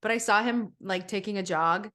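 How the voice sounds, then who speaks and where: A young woman co-hosting a podcast in casual chat. She is expressive and piles up vivid phrases for emphasis. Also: medium pitch, normal speed. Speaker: podcast co-host.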